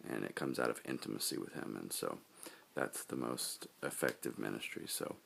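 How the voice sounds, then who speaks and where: A man leading a group, giving relaxed, halting closing remarks full of fillers. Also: very deep voice, gravelly, husky. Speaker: group leader addressing a mission team.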